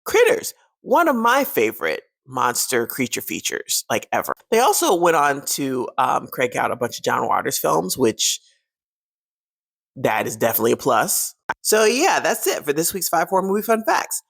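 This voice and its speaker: A woman's voice: a bass voice, very animated, moderate pace, gravelly, fairly bright tone, husky, no echo. A woman hosting a horror movie fun-facts video, talking casually and animatedly and laughing often.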